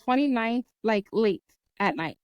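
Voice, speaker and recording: A woman's voice: on the high side, unhurried, clear, resonant tone, dry recording, dull audio. A young woman hosting a podcast, earnestly retelling a personal story in casual talk and acting out what people said. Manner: earnest, lively retelling with acted-out quotes and sound imitations. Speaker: podcast host.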